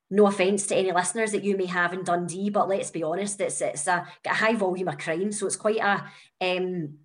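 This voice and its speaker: A young woman with a Glasgow accent, chatting as a podcast guest and telling stories with plenty of fillers. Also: mid-range voice. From Scotland. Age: young adult. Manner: chatty storyteller, lots of fillers. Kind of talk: conversational podcast interview.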